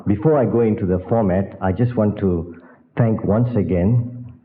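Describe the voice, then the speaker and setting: A man from South Africa opening a question-and-answer session, courteous and formal with gentle humor. His voice is low and deep. The old recording sounds thin and phone-like. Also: moderate pace. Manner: polite, formal, lightly humorous. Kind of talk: formal event announcement. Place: large lecture hall with an audience.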